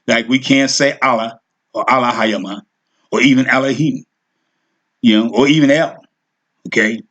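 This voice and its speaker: Male teacher, mid-pitched, informal and unscripted; narrates his screen as he goes. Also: moderate pace, a bit bright, lo-fi sound. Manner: thinks aloud, fills with okay and all right. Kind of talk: screen-share lesson.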